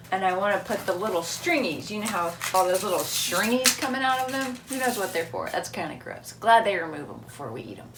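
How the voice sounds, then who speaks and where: A woman's voice: mid-range voice, noisy background. A woman chatting casually in a do-it-yourself craft vlog at home, rambling and joking at herself with little laughs. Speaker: vlogger.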